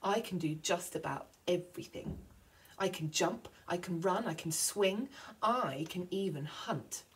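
A woman's voice: on the low side, unhurried, a little hiss or hum, natural voice. Woman doing a young boy, storybook, cocky, bragging. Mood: boastful. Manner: boastful.

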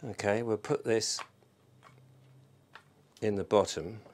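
English guy fumbling through baking on his vlog, lowish voice, self-mocking and chatty, mic in a kitchen. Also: slow, slight background noise. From England. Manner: self-deprecating, chatty, thinking aloud. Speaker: vlogger. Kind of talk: casual cooking vlog. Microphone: microphone in a room.

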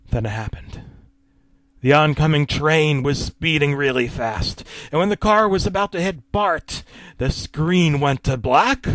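A man's voice: a little high, a bit bright, no echo. A man reading a horror story aloud, casual and wry, sometimes dropping to a whisper. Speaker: narrator.

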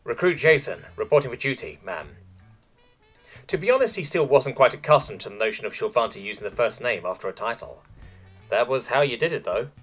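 A man reads a science fiction story aloud in an expressive, scripted narration. His voice is husky and moves a lot in pitch. Faint music plays underneath. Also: fast. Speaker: audiobook narrator.

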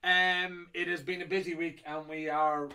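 A middle-aged man chats loosely through a run of auction lots, circling back on himself with ums and uhs. His voice sits a little higher than most men's. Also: level tone, moderate pace, bright, forceful tone, smooth. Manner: rambling and chatty with many fillers. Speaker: whiskey auction host. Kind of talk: casual chat previewing auction lots.

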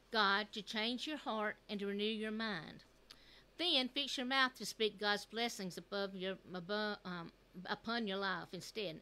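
A woman's voice: on the high side, bright, forceful tone. A middle-aged woman giving an earnest, conversational sermon at a youth service, repeating herself and using plenty of fillers.

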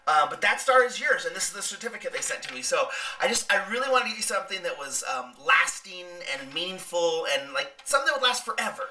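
A woman's voice: lowish voice, sing-song, fast talker, few pauses, pushed and bright, recorded from a distance. A woman giving a mock-earnest, joking birthday message.

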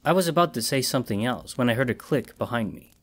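A man narrating a first-person horror story in a measured storytelling manner. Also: mid-range voice, animated, a little hiss or hum. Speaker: audiobook narrator.

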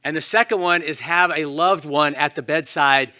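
Bright-voiced Southern US man lecturing. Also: fairly high pitch, normal speed. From Louisiana, US. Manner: folksy, quizzes the audience. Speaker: conference speaker, intensivist. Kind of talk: conference lecture.

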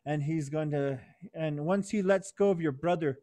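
A wise old horned toad, stern but kind, lecturing like a father in a told folk tale, as a man puts him on. The voice sits fairly high for a man and is dry and close, with no room around it. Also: moderate pace, warm tone, dry recording, lightly acted. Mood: reassuring.

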